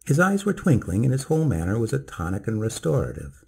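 A man narrating a bedtime story in the first person, slow, measured and dramatic. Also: mid-range voice, wildly swooping pitch, vocal fry, a little mellow, husky.

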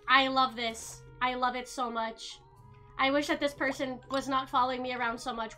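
A female streamer with a bright, high-pitched voice offers laid-back commentary on her game, chatting with viewers and gasping in delight whenever she discovers something. She speaks at a normal pace, with soft game music in the background.

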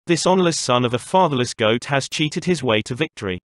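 A man voicing an angry, defeated male chieftain who shouts and protests bitterly. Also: medium pitch, lively intonation, brisk, no echo, clean studio sound, natural voice. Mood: indignant. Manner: shouting, indignant.

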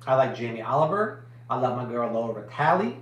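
A man's voice: mid-range voice, big pitch swings, brisk, echoey room, lo-fi sound. A man hosting a live cooking stream, chatting casually and answering viewer questions with slangy, emphatic energy. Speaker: cooking show host.

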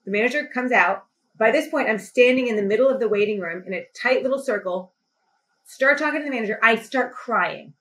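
A middle-aged woman telling a personal story as a podcast guest. She speaks with emphatic, animated passion, and her voice rises sharply when she grows indignant. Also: on the high side, a little fast. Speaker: podcast guest, company CEO. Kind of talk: impassioned conversational storytelling.

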